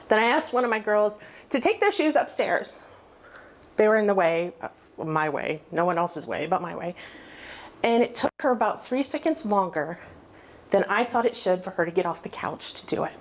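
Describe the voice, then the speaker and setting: A woman's voice: mid-range voice, slight background noise. A woman in her forties giving a personal testimony, candid and self-mocking as she tells her story. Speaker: recovery testimony speaker.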